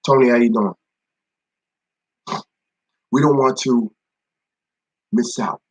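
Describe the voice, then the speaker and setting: Husky-voiced man giving a casual devotion. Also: mid-range voice, slow, darkish tone, poor audio. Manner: conversational, repeats phrases for emphasis, greets viewers by name. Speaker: ministry devotion leader. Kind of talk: informal devotional talk.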